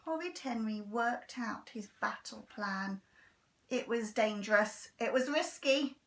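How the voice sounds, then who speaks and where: Woman reading a storybook slowly. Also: a little high, recorded from a distance. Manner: lively, expressive reading. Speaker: teacher.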